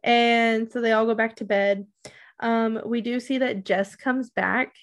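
Woman podcast cohost recapping a show, kinda high voice, lots of ums and likes. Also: fairly even intonation, measured pace. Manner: rambling, many fillers and likes. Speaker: podcast co-host. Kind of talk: casual chat recapping a TV show.

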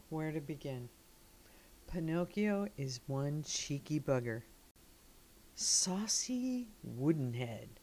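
A woman's voice: fairly low pitch, a little mellow. A woman hosting a podcast, talking in a chatty, wry way. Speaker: podcast host. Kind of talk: casual podcast commentary.

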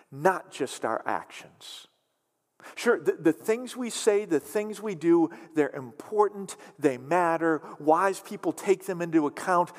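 A male pastor preaching a sermon, emphatic and repetitive, moving between quick runs and slow drawn-out words. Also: on the high side. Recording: long reverb of a large hall.

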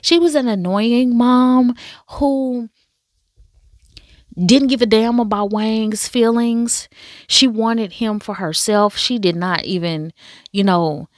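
A woman in a casual, animated chat reviewing a drama series, telling the story with slang and asides. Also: a little high, slow pace, dry recording, clean studio sound.

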